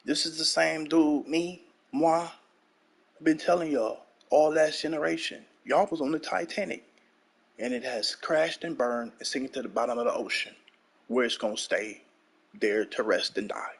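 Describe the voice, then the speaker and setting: A man's voice: a little high, moderate pace, vocal fry, husky. A man hosting his own gaming channel, ranting heatedly and profanely, repeating lines for emphasis.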